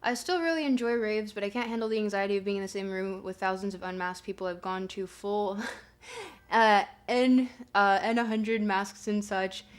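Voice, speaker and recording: A young adult woman livestreams and reads chat, talking casually with viewers at medium pitch and normal speed. She rambles with fillers and breaks into playful, excited bursts.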